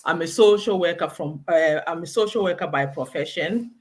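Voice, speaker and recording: A woman's voice: lowish voice, normal speed. A woman from Ghana introducing herself on a video call in a friendly, outgoing way. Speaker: panelist. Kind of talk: casual chat on a video call.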